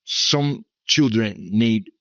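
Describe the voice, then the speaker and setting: This lowish, fairly bright voice draws out its words: a Cuban businessman in his seventies, a native Spanish speaker with a Cuban Spanish accent, telling rambling stories as an interview guest. He repeats himself and often interjects an emphatic "okay?" The recording is dry and lo-fi.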